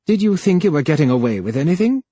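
A male narrator voicing a plump, scheming male official who sneers and then pleads in a higher voice. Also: very animated, fast talker, warm tone, husky, no echo. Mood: scornful.

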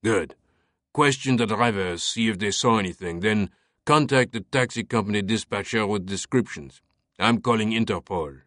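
A man's voice: fairly low pitch, normal speed, a bit bright, no room sound, clean studio sound, lightly acted. A man voicing a commanding male police captain who gives clipped, curt orders in an audiobook. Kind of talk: audiobook character voice.

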